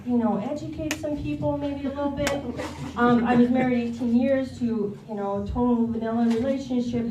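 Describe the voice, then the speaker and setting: High-voiced woman comic, echoey club. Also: far from the mic, noisy background. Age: 30s. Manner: rambling, confessional storytelling. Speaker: stand-up comedian. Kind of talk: stand-up set. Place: comedy club stage.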